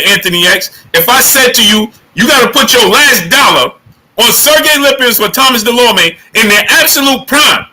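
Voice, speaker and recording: A man's voice: high-pitched, slightly rough, poor audio. A man hosting a live boxing talk stream, greeting chat viewers by name and pressing them with the same question again and again. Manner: energetic, emphatic, repeats questions. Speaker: boxing show host.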